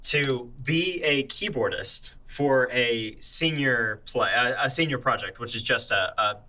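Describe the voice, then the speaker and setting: A man's voice: medium pitch, unhurried, sharp tone, poor audio. A reserved young man chatting casually on a podcast, hesitant and restarting his sentences often. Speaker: podcast co-host. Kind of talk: casual chat.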